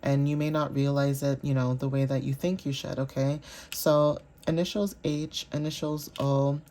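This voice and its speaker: A woman reads tarot for her audience in a casual, rambling way. Her voice sits low and sounds warm and mellow. She fills her talk with "you know" and often checks in with "okay?". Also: steady tone, moderate pace. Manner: chatty, filler-heavy, checks in with "okay?". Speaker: tarot reader. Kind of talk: casual intuitive tarot reading.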